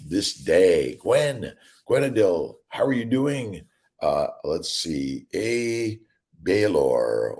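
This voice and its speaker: A man's voice: sits low, darkish tone. A middle-aged male doctor hosting a casual morning livestream, rambling and upbeat as he greets viewers by name. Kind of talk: casual livestream chat reading viewer comments.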